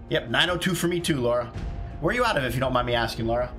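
Excited male streamer, chatty, mid-pitched voice, faint game music behind. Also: very fast. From South Carolina. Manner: excited, chatty, greets chat viewers by name. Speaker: live streamer. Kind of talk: casual live game commentary.

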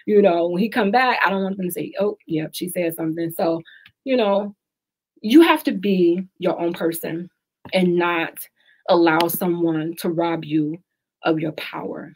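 A woman's voice: lowish voice, a little slow, slightly rough. A woman hosting a live radio talk show, speaking candidly and emphatically, repeating her advice for stress.

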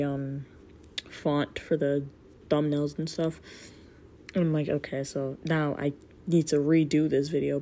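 A woman with a low, warm, mellow voice talks straight to her viewers. She rambles, restarts her sentences and giggles. She pokes fun at herself in a loose, casual way. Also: slight background noise. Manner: rambling, self-deprecating, giggly. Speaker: voice actor and YouTuber. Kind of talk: casual vlog chat.

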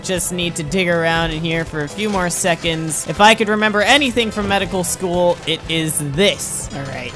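Bright-voiced excitable man gaming. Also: sits high. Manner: frantic, exclaiming and laughing at himself. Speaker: gaming commentator. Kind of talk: excitable gameplay commentary.

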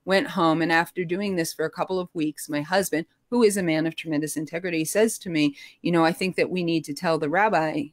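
Woman, middle-aged, expressive storytelling, low voice, dry recording. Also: fairly quick, few pauses, dry recording. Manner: animated, expressive, rising pitch when emotional. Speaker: guest telling her story. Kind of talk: conversational storytelling.

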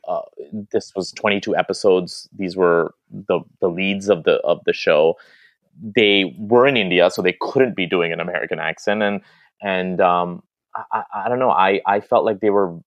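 A man's voice: low voice, no room sound, dull audio. A male actor talking casually as an interview guest, chatty and full of restarts and fillers.

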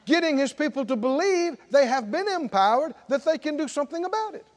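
A man's voice: very high voice, lively intonation, a little fast. A middle-aged man preaching a sermon as pastor in a church, emphatic and calling out to the congregation. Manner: emphatic, call-and-response preaching.

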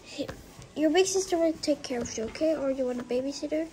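A woman acting out a family pretend play, moving between soft whispers and excited high calls. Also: fast, low-quality recording.

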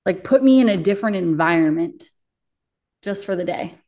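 A woman's voice: fairly low pitch, animated, normal speed, a little mellow. Blunt, swearing young woman paramedic. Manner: blunt, emotional, heavy swearing. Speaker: paramedic guest. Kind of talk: candid interview storytelling.

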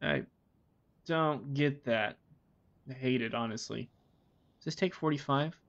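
A man's voice: medium pitch, unhurried, fairly bright tone. A man streaming a game, rambling to himself and his viewers with plenty of swearing. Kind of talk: casual gameplay commentary. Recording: dull lo-fi recording.

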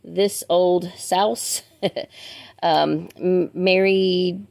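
Speaking very slowly in a low, gravelly, slightly mellow voice with fairly even intonation, a woman unboxes books for her vlog in a casual chat. She reads each title out and turns to viewers with chatty asides, asking how to pronounce things. There is no room sound.

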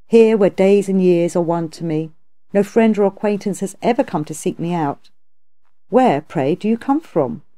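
A woman voicing a cheeky, boastful male monkey king imprisoned under a mountain, talking in a quick, lively way. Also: medium pitch, no echo, natural voice. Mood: pleading.

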